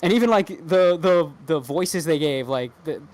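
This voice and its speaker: Woman, podcast co-host, casual chat, rambling, swears, very lively pitch. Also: normal speed. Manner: rambling, animated, swearing, many restarts.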